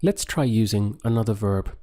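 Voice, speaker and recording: A man teaching a language lesson, patiently repeating phrases and pausing for the listener to answer. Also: lowish voice, expressive, dark tone. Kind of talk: paced language lesson with pauses for practice.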